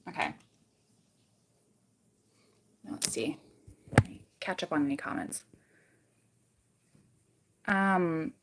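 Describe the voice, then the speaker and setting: A young woman with a Canadian accent curls her hair during a casual livestream, reading comments and rambling in between steps. She's a beauty vlogger whose voice is on the low side and a bit bright.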